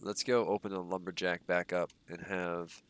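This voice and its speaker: Deep-voiced and speaking at a normal speed, this young man streams a game and offers relaxed, rambling commentary. He sounds stuffed up, and ums and uhs fill his casual talk.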